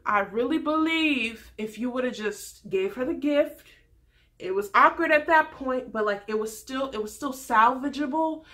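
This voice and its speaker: A woman in her twenties hosts a casual TV recap vlog, her voice a touch high and strikingly bright and forceful. She talks frankly and tells the story with animated, candid opinions. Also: moderate pace. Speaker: vlogger recapping a TV show.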